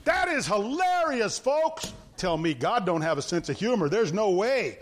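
Animated storytelling preacher, high voice. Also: male voice, normal speed. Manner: animated storytelling, acting out the characters and laughing. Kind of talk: informal sermon.

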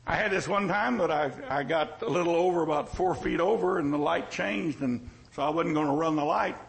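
A man's voice: fairly high pitch, fairly quick, creaky, a crowd in the background, low-quality recording. A male pastor preaching a sermon in a folksy, joking way, with emphatic repetition.

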